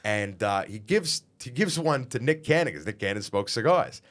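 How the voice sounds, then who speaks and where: A man, a singer being interviewed, telling his story in a lively way, swearing freely and acting out what people said. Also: medium pitch, moderate pace. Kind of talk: animated storytelling.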